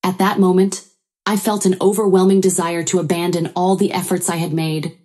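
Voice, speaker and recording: Low-voiced woman narrating a story. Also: flat delivery, brisk, a little mellow. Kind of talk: first-person story narration.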